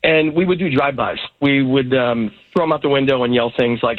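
A man's voice: mid-range voice, fairly quick, no echo. A man calling in to a radio show, telling a rambling story with many ums. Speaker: caller. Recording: tinny phone line.

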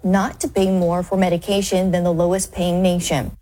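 Woman filing a steady news report. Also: on the low side, moderate pace. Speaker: news correspondent.

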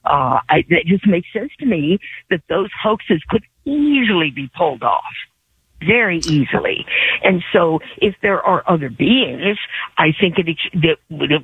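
A woman's voice: lowish voice, expressive, unhurried, husky, dry recording. A woman from Virginia calling in to a radio show, rambling through conspiratorial musings. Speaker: radio caller. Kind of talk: phone-in call. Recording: tinny phone line.

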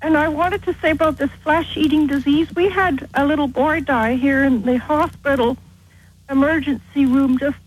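A woman from Canada calling in to a radio show, telling her story in a halting, hesitant way. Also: high-pitched, steady tone, low-quality recording. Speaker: caller. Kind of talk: phone-in chat.

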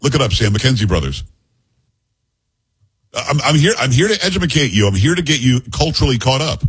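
A man's voice: medium pitch, very animated, fairly quick, fairly bright tone, slightly rough. A middle-aged man hosting a podcast in casual chat, rambling into joking asides and teasing his co-host. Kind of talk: casual talk-show chat.

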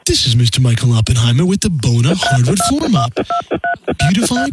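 A man playing a pushy telemarketer who recites a stiff, scripted sales pitch and talks over every reply. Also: very animated, a little fast, heavy background noise, close to an everyday voice. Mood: robotic, pushy. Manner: keeps reciting the pitch over the other person. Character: pushy, relentless male telemarketer who ignores replies. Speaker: prank caller. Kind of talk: prank phone call.

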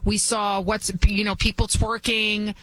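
A woman's voice: medium pitch, flat delivery, a little slow, fairly bright tone, no echo, poor audio. A woman hosting an opinionated political monologue, emphatic and repetitive. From United States. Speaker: political commentary host.

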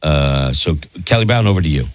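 A man hosting a casual game show among friends, playful and quick to laugh, stretching out questions like an announcer. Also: rumbling low, lively intonation, background noise. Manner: playful, laughs easily, drawn-out mock announcer tone. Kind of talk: hosting a casual family-feud style game.

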